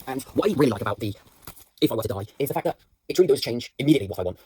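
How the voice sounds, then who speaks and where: A man's voice: mid-range voice, expressive, very fast, dark tone, husky. A young man, a drama student, rambling through a reflective voice note on his acting practice, with many fillers and restarts. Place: indoors at home.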